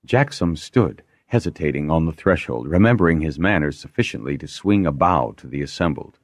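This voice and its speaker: A man's voice: fairly quick, few pauses, no room sound, clean studio sound. A man narrating a fantasy audiobook and giving each character a voice of its own. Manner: voices many characters with lively pitch shifts.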